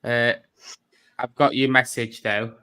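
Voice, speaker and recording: A man's voice: mid-range voice, flat delivery, takes it slowly, sharp tone, clean tone. A man chatting as a livestream guest, explaining things at length with many hesitant fillers. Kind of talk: casual chat.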